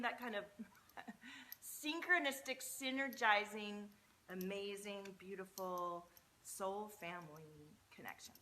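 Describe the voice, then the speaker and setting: A woman hosting a live tarot stream, talking in an effusive, breathy, spiritual way in a large high-ceilinged room. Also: measured pace, pushed and bright. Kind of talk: casual live-stream chat. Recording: muffled, echoey room sound.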